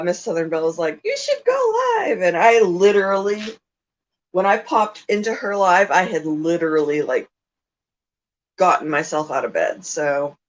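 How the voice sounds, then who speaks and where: A woman's voice: fairly low pitch, muffled recording. A middle-aged woman hosting a casual livestream, chatting in a rambling way with frequent ums as she talks about her pets. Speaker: livestream host and pet keeper.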